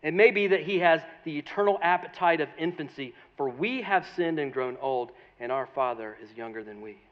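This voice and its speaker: Male pastor, 30s, high-voiced, conversational sermon, slightly dull recording. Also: brisk. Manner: conversational, animated, storytelling with asides.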